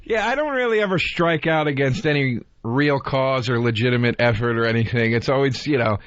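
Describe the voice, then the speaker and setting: A man's voice: mid-range voice, a little fast, no echo. A male comedian co-hosting a radio show, telling profane stories and acting out quotes. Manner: animated, profane, acts out quotes. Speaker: comedian co-host. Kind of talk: casual radio banter, storytelling. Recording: dry, dull lo-fi radio audio.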